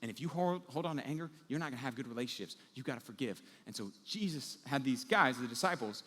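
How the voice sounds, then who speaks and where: A man's voice: medium pitch, animated, quick pace, fairly bright tone. A male pastor preaching a sermon to a live audience in a large hall, in a casual storytelling manner and acting out the people in his story. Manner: casual storytelling, acts out quoted characters. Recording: long reverb of a large hall.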